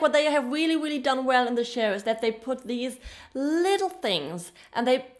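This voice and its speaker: A woman co-hosting a podcast, reviewing a TV episode in casual chat, with frequent ums. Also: on the high side. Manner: chatty, frequent ums, laughs while telling details. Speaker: podcast co-host.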